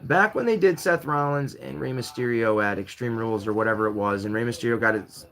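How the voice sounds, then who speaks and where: Rambling jokey male live-stream host. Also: a little fast. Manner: rambling, jokey, lively swings in pitch while building Lego. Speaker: host of a live variety show. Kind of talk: casual live-stream chat.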